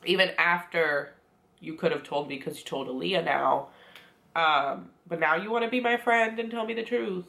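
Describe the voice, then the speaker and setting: A woman with a somewhat low voice talks through a reality TV recap in a casual, chatty way. She is sassy and keeps dropping quoted asides into her commentary. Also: moderate pace, vocal fry, sharp tone. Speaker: recap vlogger.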